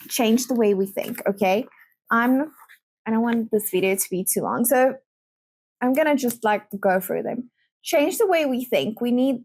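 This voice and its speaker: A woman's voice: on the high side, a little mellow. A young woman, leading a Christian parenting lesson in an earnest way, with many rhetorical questions. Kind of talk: teaching parenting session.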